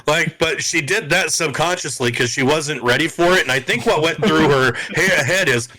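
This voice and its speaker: A man's voice: on the high side, normal speed, poor audio. A man co-hosting a podcast, telling stories in casual chat and laughing often. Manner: animated storyteller, laughs a lot. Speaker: podcast co-host.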